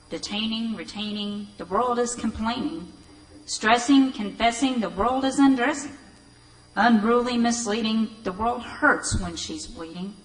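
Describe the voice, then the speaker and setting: A woman's voice: mid-range voice, poor audio. A woman reading poems aloud at a community event, plainspoken and rhythmic. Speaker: poetry reader.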